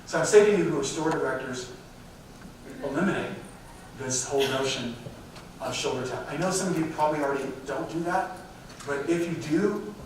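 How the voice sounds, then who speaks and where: A man with a fairly high voice speaks straight to the audience and keeps asking them questions. He sounds distant from the mic, with the room ringing heavily around him and a faint hiss underneath. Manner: direct, addresses the audience with questions. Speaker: diversity speaker. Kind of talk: live talk to a company audience. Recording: very echoey hall, mic far off.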